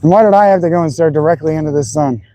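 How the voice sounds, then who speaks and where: A man's voice: on the high side, racing, dark tone, rough recording. A man streaming, chatting casually and loosely, swearing as he muses aloud. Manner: loose and profane, musing aloud. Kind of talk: casual chat.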